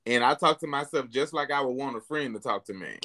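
A man hosting a podcast in a casual, heartfelt chat, speaking candidly and getting animated as he recounts his own thoughts. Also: mid-range voice, fast talker. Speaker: podcast host.

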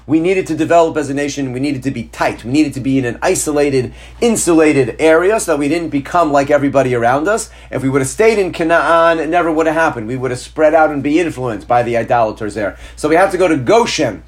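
A man teaching a Torah class, speaking emphatically in a storytelling way with rhetorical questions and slowing down to stress key words. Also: medium pitch. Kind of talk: recorded class lecture.

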